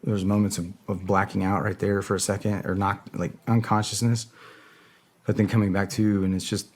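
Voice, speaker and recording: Middle-aged man, very deep voice, profane casual storyteller, lots of "like". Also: little pitch movement, a little fast. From United States. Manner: profane, heavy filler words, acts out yelled quotes. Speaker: podcast guest, former special operator.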